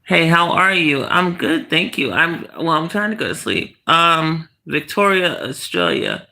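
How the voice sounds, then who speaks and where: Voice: mid-range voice, sing-song, measured pace, vocal fry, pushed and bright. A livestream host lying in bed in a bedroom, chatting casually and rambling with the viewers' chat and laughing often.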